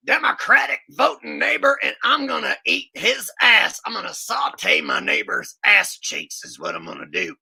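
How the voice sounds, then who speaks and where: A man doing a comedic impression of a ranting, gravelly male conspiracy show host who shouts and fake-sobs. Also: very high-pitched, voice pushed up, exaggerated voice. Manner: bellowing, exaggerated fake crying.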